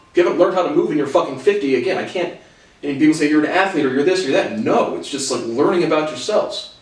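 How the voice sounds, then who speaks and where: A man delivers a rambling solo monologue, blunt and profane, looping back with repeated "again"s and broken-off restarts. He sits some distance from the mic in a strongly echoing room, so his voice sounds distant and roomy. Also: mid-range voice. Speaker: solo commentator.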